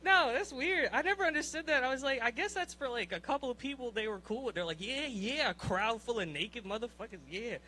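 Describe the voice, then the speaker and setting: A young man doing a profane, animated stand-up set, ranting in disbelief and laughing at his own lines. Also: very high voice, a little fast, hardly any pauses, slight background noise. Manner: profane, animated, incredulous rants with frequent laughs. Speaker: stand-up comedian. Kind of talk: stand-up set at an open mic.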